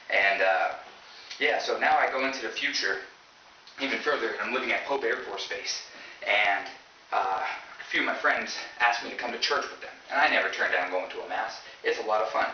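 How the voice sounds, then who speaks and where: A man's voice: fairly low pitch, bright, forceful tone, slight background noise. A male stand-up comedian telling a story in a loose, casual way, with lots of fillers. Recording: echoey dull room from far off.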